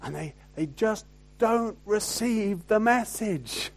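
In a high, expressive voice, a male pastor takes his sermon slowly and conversationally. He frequently poses rhetorical tag questions, shifting from loud emphasis to quiet asides.

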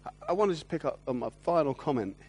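A man preaching a sermon, earnest and gentle, often drawing his listeners in with tag questions. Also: fairly high pitch, expressive, fast talker, slightly rough.

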